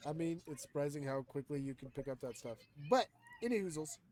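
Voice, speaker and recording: Casual male game master, slightly high voice, relaxed joking delivery with profanity. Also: brisk. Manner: laid-back, joking, swears freely. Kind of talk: casual tabletop session chat.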